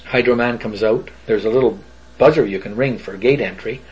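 An older man from Northern Ontario recounts a sighting he witnessed, rambling in a folksy, casual way and acting out other people's voices. His mid-range voice is brisk and darkish with a breathy edge. The recording is dull and lo-fi.

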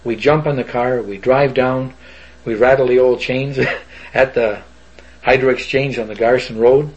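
An older man with a husky, slightly raspy voice tells a long eyewitness story in a folksy, rambling way, slipping into other people's voices as he goes. It sounds like a dull, lo-fi recording. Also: medium pitch, steady tone, moderate pace. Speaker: eyewitness recounting a sighting. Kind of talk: casual spoken storytelling.

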